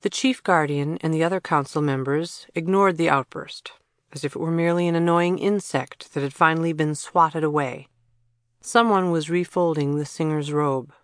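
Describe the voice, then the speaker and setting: An audiobook narrator reading a story in an even, steady way. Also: mid-range voice, normal speed, no room sound.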